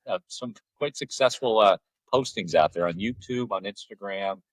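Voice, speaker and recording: A man hosting a podcast in casual chat, meandering and halting, often repeating words as he goes. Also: on the low side, no echo, poor audio. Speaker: podcast host.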